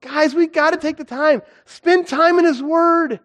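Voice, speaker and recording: A young man preaching a sermon as a guest speaker, animated and acting out stories with big jumps in his voice. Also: unhurried. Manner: animated, acts out stories with big pitch swings.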